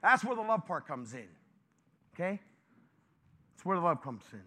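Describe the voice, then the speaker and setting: A male pastor giving an informal, lively sermon and joking with his congregation. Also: sits high, normal speed.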